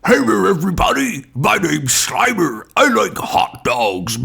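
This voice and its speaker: A man voicing a goofy, childlike male ghost who talks slowly and excitedly with gasps. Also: sits high, creaky, pitched above the performer's own voice, full character voice. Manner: slow, excited, gasping. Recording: roomy echo in home room.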